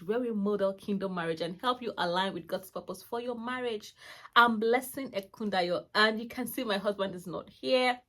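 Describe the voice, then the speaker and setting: A woman around forty hosting her own channel, sharing parenting advice in a chatty, rambling way full of fillers and restarts. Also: medium pitch. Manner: warm-hearted, chatty, lots of fillers and restarts. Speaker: channel host, mother. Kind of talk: casual parenting talk to camera.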